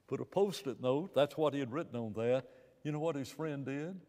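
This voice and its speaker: Emphatic preacher in a reverberant hall. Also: male voice, on the high side, animated, a little fast, warm tone. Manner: emphatic, rhetorical questions, frequent restarts. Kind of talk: church Bible class teaching. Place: church room.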